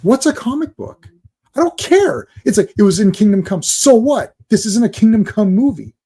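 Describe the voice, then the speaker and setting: Guy hosting a stream, going off on a rant, kinda high voice but mellow, swears a lot. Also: very animated, husky. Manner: ranting, profane, quick impressions of others. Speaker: host. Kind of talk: live-stream chat.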